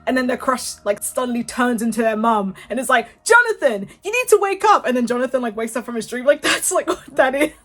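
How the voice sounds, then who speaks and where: Giggly high-voiced woman reading fanfic. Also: steady tone, quick pace, hardly any pauses, soft background music. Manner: giggly, keeps breaking into laughter. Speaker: channel host reading fanfiction. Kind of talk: casual reading aloud with commentary.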